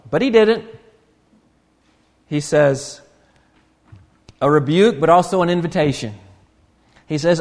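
Pastor in his 50s, earnest and chatty sermon, kinda high voice, lots of reverb like a big church. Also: unhurried, pauses often, a little mellow. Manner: conversational, earnest, with frequent restarts.

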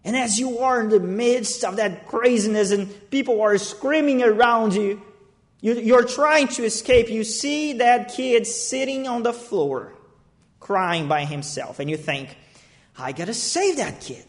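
A man with a high voice preaches slowly and deliberately to a congregation. He reads scripture, prays and tells stories, and his voice climbs dramatically at emphatic moments. A long reverb trails every line, as if he stands in a large hall. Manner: emphatic, dramatic rises when telling a story. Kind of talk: sermon with scripture reading, prayer and storytelling. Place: church gathering.

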